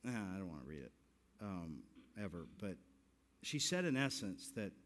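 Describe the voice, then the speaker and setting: A pastor in his sixties telling a self-mocking story in a sermon, animated and laughing through his lines. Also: low voice, normal speed. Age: 60s.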